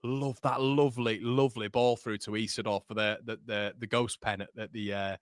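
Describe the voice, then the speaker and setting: A man's voice: fairly low pitch, steady tone, moderate pace, clean tone, no room sound, clean studio sound. A young man hosting a live football watchalong, chatting about the match and reading out viewer comments, tired after a long stream, often repeating words. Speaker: football channel host.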